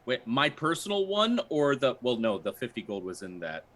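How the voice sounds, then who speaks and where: Animated guy playing a tabletop game, bright voice, all over the place. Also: mid-range voice. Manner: lively, animated, quick declarations. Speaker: player. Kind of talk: casual tabletop play.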